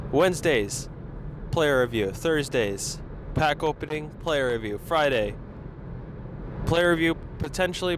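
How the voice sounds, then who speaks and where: A young man hosting a podcast from his car on a lapel mic, chatting in a rambling, self-conscious way. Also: fairly high pitch. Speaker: podcast host. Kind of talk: casual solo chat while driving. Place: in a car in traffic. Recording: faint road noise.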